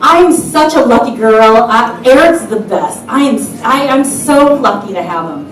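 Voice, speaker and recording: A woman's voice: on the high side, animated, a little slow. A woman imitating a gushing, tipsy wife who drawls out how lucky she is. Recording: echoey room from far off.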